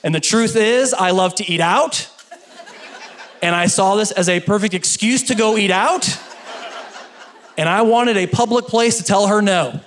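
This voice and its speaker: Casting: a middle-aged stand-up comedian, a man from Kentucky, higher-pitched storyteller. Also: a little slow, pauses often, slight background noise. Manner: storytelling, animated punchlines. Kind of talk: stand-up routine, then interview. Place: stage before a live audience.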